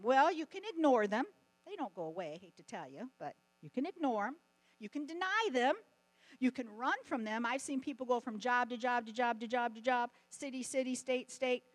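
Middle-aged woman speaker, higher voice that swings widely, storytelling sermon, dry sound with a low hum. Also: dry recording, low-quality recording. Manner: animated storytelling with laughs. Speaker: conference speaker. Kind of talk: testimony sermon.

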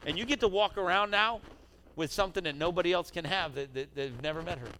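A man preaching a sermon as pastor, swinging between loud urging and quiet asides in a church sanctuary on a stage mic. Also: high voice, quick pace, slight background noise.

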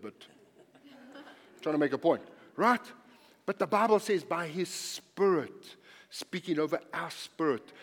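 A male pastor preaching a sermon, animated and emphatic, repeating phrases and swinging from quiet to loud. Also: fairly high pitch, creaky, in a large hall.

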